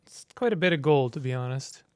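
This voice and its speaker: A man's voice: mid-range voice, lively intonation, a little fast, clean tone, no echo. A man giving casual gameplay commentary, reading the game's text aloud and mumbling through menu choices. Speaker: gamer.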